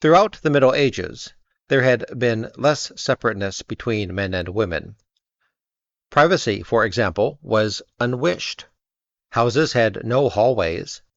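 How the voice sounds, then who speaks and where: A man reading an essay aloud in a measured, even narration. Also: mid-range voice, no room sound. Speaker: reader. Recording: dull lo-fi dry recording.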